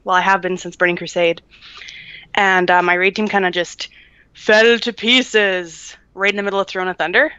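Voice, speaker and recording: A woman's voice: lowish voice, steady tone, moderate pace, sharp tone, clear, resonant tone, no echo, lo-fi sound. A woman co-hosting a podcast in casual chat, chatty and laughing often, with many ums. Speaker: podcast co-host.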